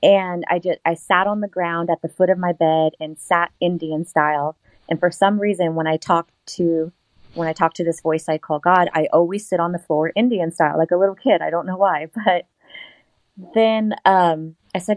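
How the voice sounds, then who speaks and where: Woman guest telling a story, lowish voice, laughs a lot, dry close sound. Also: moderate pace, dry recording, low-quality recording. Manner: animated, laughs often, acts out her own past lines. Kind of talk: interview storytelling.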